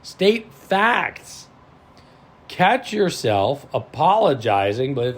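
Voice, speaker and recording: A man giving a motivational coaching talk as a mindset and self-leadership coach, with an animated delivery full of sudden loud stresses. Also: medium pitch, measured pace, husky.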